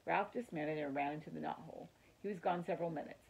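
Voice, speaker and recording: A woman's voice: sits low, fast, creaky, few pauses, breathy edge, low-quality recording. A woman reading a children's chapter book aloud as a teacher would, telling it expressively for children. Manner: expressive storytelling, addresses children. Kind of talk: children's story read-aloud.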